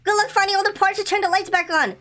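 A woman voicing a menacing male ghost shark villain in a video game, speaking slowly and tauntingly. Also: extremely high pitch, fairly even intonation, bright, forceful tone, soft background music, pitched above the performer's own voice.

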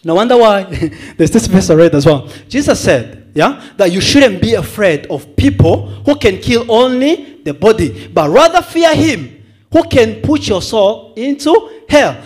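A man's voice: high voice, very animated, unhurried, slightly rough. A male evangelist preaching a sermon to a church, asking the congregation questions and repeating words as he thinks.

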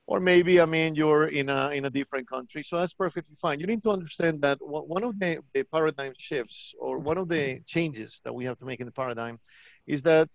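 A man from New York with a Colombian-tinged accent, presenting a live teaching webinar in a lively, playful way. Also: a little high, a little fast, gravelly, dry recording, lo-fi sound. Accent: Colombian-tinged New York English. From New York, of Colombian roots. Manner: lively, playful, acts out little dialogues.

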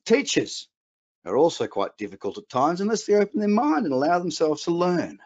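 A man's voice: fairly high pitch, sing-song, fairly quick, a little mellow. A middle-aged man with an Australian accent carrying a trace of English, giving an emphatic, motivational webinar talk as a trading coach with chatty asides. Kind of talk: webinar presentation. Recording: muffled lo-fi webinar audio.

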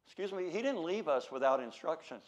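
An American man preaching a sermon, swinging between loud shouted declarations and low, quiet asides. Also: lively intonation, a little fast, lo-fi sound.

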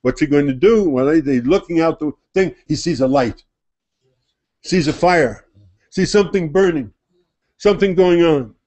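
Animated man telling a sacred story. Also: a little high, moderate pace, long pauses. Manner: animated, repeats phrases for emphasis. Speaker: religious teacher. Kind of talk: storytelling sermon. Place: study center gathering.

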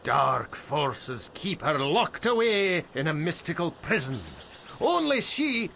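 A man's voice: on the high side, sing-song, slow pace, creaky, sharp tone, a little hiss or hum, exaggerated voice. An actor playing a fussy, stammering townsman who tries to recruit a hero in a video game. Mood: flustered. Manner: stammering, overly formal.

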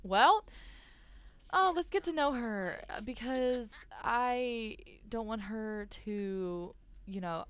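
A woman giving casual commentary while playing a life-simulation game, excitable and quick to gasp and squeal. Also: on the high side. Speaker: gaming YouTuber. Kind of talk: casual let's-play commentary.

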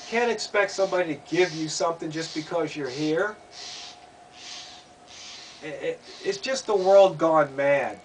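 High-voiced man ranting from a distance. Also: a little slow, long pauses. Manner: rhetorical, asks pointed questions, repeats himself. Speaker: commentator. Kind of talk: opinion monologue. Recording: distant mic, faint background noise.

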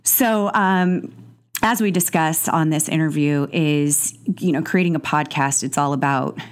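A woman with a low, deep-set voice hosts her podcast in a loose, chatty solo intro. She gushes and rambles with ums and restarts. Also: a little slow, smooth. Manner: chatty, gushing, with fillers. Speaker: podcast host. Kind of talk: casual solo intro monologue.

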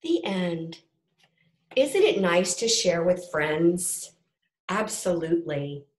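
A woman reading a rhyming picture book aloud to children, with gentle asides to her listeners. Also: lowish voice, sing-song, takes it slowly. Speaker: storybook reader. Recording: roomy echo.

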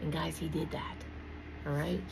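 A woman's voice: low-pitched, level tone, normal speed, creaky, noisy background. A woman preaching informally to her online viewers in an earnest, emphatic way, often calling them "guys".

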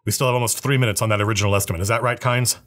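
A man's voice: on the low side, fairly even intonation, very fast, a bit bright, close to an everyday voice. Duke Leto, a man reading as a stern clipped nobleman. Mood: calm. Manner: curt, clipped orders. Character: stern commanding nobleman duke, middle-aged.

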